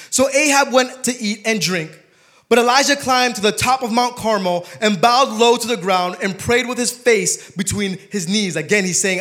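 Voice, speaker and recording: A young man preaching a sermon, telling stories with humor and turning soft and emotional. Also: high voice, fairly quick.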